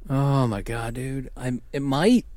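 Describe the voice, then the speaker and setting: A man's voice: mid-range voice, slow, no room sound. Joking podcast man, dry close sound. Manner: joking, crude, animated. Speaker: podcast co-host. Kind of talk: casual chat.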